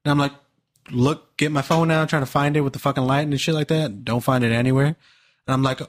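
A man's voice: mid-range voice, fairly even intonation, fairly quick. Young man telling a profane story. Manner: profane storytelling, laid-back slang. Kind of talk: casual chat.

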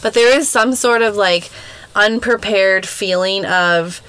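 A woman's voice: mid-range voice, slow, a bit bright, clean tone, poor audio. A woman in her thirties co-hosting a podcast, speaking frankly with jokes and frequent laughter. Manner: frank, joking, laughs often. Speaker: podcast co-host. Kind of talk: casual chat.

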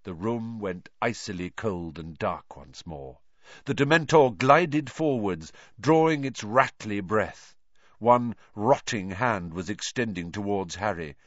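A man reading a novel aloud as an audiobook narrator, with expressive delivery. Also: lowish voice, takes it slowly, no room sound, highs cut off.

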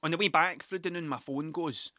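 A man's voice: on the high side, a little fast, sharp tone, no echo, studio quality. A Scottish man, a musician, telling rambling, sweary stories about gigs in a casual monologue, often laughing at himself.

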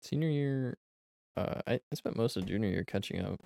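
Young male co-host, casual chat, gravelly low voice, dry close mic. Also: animated, dark tone, no echo. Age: young adult. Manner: quick reactions, laughs along. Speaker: podcast co-host.

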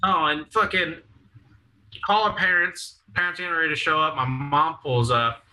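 A young man guesting on a podcast tells rowdy stories casually, swearing freely, laughing, and acting out people's quotes. His voice is on the high side with a sharp tone and a moderate pace. Faint music plays behind him in a low-quality recording.

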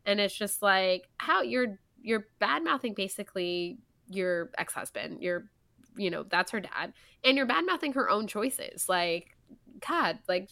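Bright, animated young woman chatting. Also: medium pitch, measured pace, gravelly, no room sound. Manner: animated, swears casually, lots of "like". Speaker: book podcast co-host. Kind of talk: casual chat.

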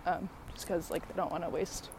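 A woman's voice: on the low side, steady tone, fairly quick, darkish tone, a little hiss or hum. Female podcaster, casual and rambly, slightly winded on a walk outdoors. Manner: many fillers, laughs often while talking. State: out of breath walking uphill. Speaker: podcast host.

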